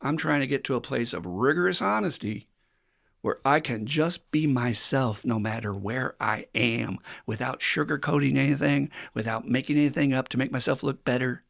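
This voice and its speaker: A man's voice: mid-range voice, vocal fry, dry recording, clean studio sound. An older man hosting a recovery podcast, speaking bluntly and plainly, swearing casually and acting out the voices of people he quotes. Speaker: podcast host.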